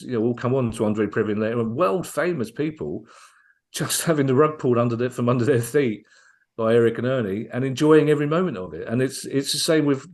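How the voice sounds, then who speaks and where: Lively man telling comic anecdotes. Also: mid-range voice. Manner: lively storyteller, frequent restarts. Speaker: comedian guest. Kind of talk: anecdotal podcast chat.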